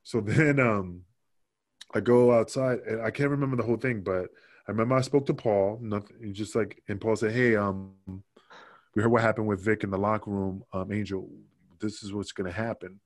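In a dry recording with no room sound, a male podcast guest recounts a backstage tale at a normal speed. His fairly low voice stays casual but animated as he acts out other people's lines, curses included.

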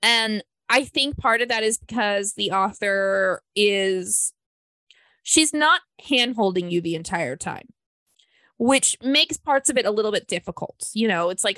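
A woman's voice: mid-range voice, animated, normal speed, fairly bright tone, dry recording. A woman hosting a book club podcast, chatting enthusiastically with lots of fillers. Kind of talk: casual book discussion.

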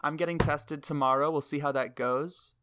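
A young man co-hosting a casual podcast, joking and slangy, getting animated as he argues a point. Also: on the high side, moderate pace, noisy background. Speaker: podcast co-host.

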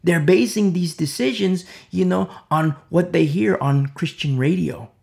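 Impassioned preacher with a gravelly voice. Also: male voice, high-pitched, measured pace, a little mellow. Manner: impassioned, rambling with many fillers. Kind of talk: informal sermon.

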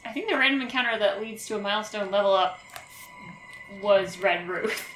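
A woman's voice: medium pitch, moderate pace, a bit bright. Joking woman playing a tabletop game. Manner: joking, laughs through lines. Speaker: player. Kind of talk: casual chat over a tabletop game. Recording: roomy recording with faint background noise.

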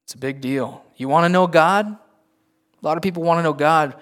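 A man preaching a sermon in a conversational style, often checking in with the listeners with quick asides. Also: fairly high pitch, a bit bright. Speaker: pastor.

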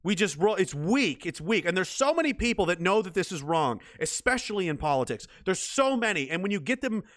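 A man's voice: high-pitched, very animated, brisk, a bit bright. A man delivering a blunt, profane, combative monologue rant, often restarting and repeating words. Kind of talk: ranting monologue.

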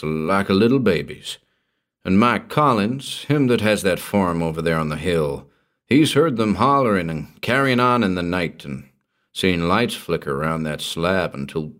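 Guy putting on an old backwoods hermit, rustic and spooky, drawls real low and quiet. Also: heavily acted.

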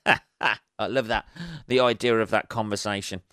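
Man, low smooth voice, dry close sound, solo comedy podcast, rambling, sweary, lots of ums. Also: fairly even intonation, a little slow, sharp tone, no echo. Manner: rambling and sweary, with frequent ums and wry asides. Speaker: podcast host. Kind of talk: solo comic podcast monologue.

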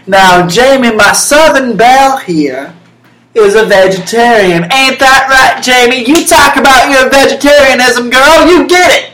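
A woman's voice: high voice, a little slow, a bit bright, voice pushed up. A woman doing a comedy impression of a brash older Southern woman TV cook, talking in a folksy, bossy drawl. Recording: roomy echoey room.

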